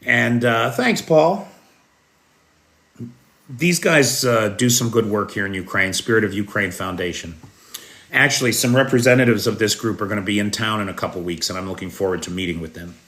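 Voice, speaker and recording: A man's voice: lowish voice, moderate pace, fairly bright tone. An American man hosting a live news stream and answering viewers, talking in an emphatic, indignant way with sarcastic turns. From United States.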